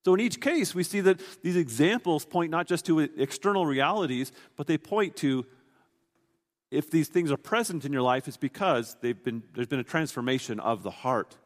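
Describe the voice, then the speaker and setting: With a voice on the high side and lively intonation, a man preaches at a moderate pace in a large hall. His sermon earnestly explains scripture in a teaching style, with many restarted sentences.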